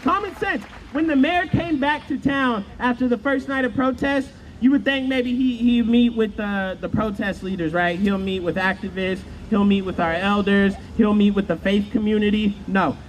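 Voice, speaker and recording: A man delivers a fiery rally speech outdoors, hammering his points home with repeated phrases. A loud crowd and street noise fill the background. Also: high-pitched, steady tone, moderate pace, few pauses, rough recording. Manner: fiery, rhetorical, chants with crowd. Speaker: protest speaker.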